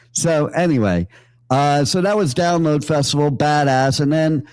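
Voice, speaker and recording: A man's voice: on the high side, darkish tone, clean tone, no echo. A man hosting a radio show, telling loose, joking stories with many fillers and asides. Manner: rambling, jokey, full of fillers and asides. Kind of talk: casual on-air storytelling. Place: radio studio.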